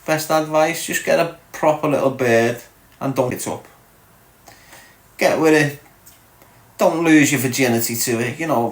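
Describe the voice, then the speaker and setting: A man with a Liverpool Scouse accent hosting a livestream, bantering crudely and teasing viewers as he reads the chat. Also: medium pitch. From Liverpool, England. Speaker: livestream host reading chat. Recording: echoey room.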